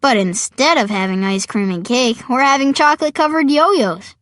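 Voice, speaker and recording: Jolly festive uncle, put on by a woman, loud announcing manner, raised pitch, dry close recording. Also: normal speed, no echo. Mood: celebratory. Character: jolly generous uncle, middle-aged, festive.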